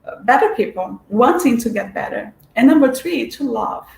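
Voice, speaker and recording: A woman's voice: fairly high pitch, animated, moderate pace, gravelly, darkish tone, slight background noise. A woman giving a spiritual lecture in an earnest, searching way, with frequent restarts and fillers. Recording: echoey room.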